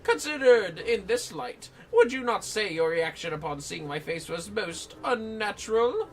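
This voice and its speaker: A woman voicing a pompous, theatrical gentleman inspector, declaiming in flowery, self-important speeches over a game livestream. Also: medium pitch, lively intonation, unhurried, a little hiss or hum, pitched above the performer's own voice, natural voice, low-quality recording. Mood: lecturing. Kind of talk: live voice-over of game dialogue.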